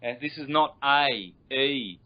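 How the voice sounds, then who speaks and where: A man explains things patiently as a guest teacher, stretching out sounds to demonstrate them. His voice sits at a middling pitch. It comes through a dull, lo-fi internet call line. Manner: patient and instructive, drawn-out demonstrated vowel sounds. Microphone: video call.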